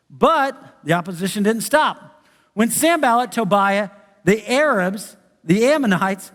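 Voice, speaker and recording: A man preaching a conversational sermon as pastor, who acts out the voices of the people he quotes. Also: high-pitched. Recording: church sanctuary with long reverb.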